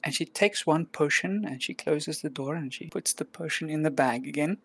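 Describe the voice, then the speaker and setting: Low-voiced woman running a tabletop game, calm, dry close sound. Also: normal speed, husky, no room sound. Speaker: game master. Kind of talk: narrating a tabletop role-play game.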